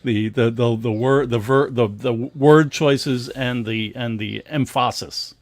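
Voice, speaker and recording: A man's voice: mid-range voice, fairly even intonation, takes it slowly, a little mellow, no echo, clean studio sound. A middle-aged man co-hosting a casual livestream about comic art, rambling with many restarts and laughing often. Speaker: co-host of a comics history show.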